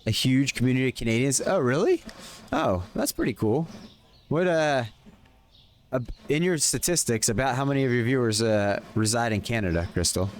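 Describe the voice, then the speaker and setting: A man live-streaming a game, chatting casually with viewers and calling out in-game orders between questions to chat. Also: medium pitch. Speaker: livestreamer.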